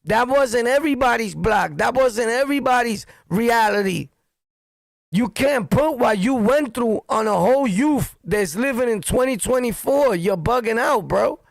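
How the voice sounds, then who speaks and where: A middle-aged man with a New York accent holds forth in a blunt, profane street-talk monologue. His voice sits high for a man and has a gravelly edge. The sound is dry and close. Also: moderate pace, no room sound. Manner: blunt, profane, animated storytelling. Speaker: streamer and commentator.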